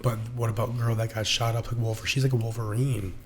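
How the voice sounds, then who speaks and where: A man's voice: medium pitch, little pitch movement, fast, a little hiss or hum. A young man co-hosting a podcast, chatting in a laid-back, casual way and laughing often. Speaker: podcast co-host. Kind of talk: casual chat.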